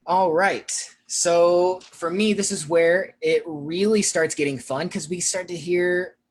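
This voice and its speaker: Hurried presenter full of ums. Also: mid-range voice, steady tone. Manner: rushed, with frequent fillers. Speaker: featured speaker. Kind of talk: presentation on accents.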